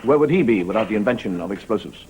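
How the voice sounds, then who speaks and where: A man's voice: on the low side, expressive, racing, heavy background noise. A man with an Irish accent doing a wry, chuckling stand-up monologue. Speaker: comedian.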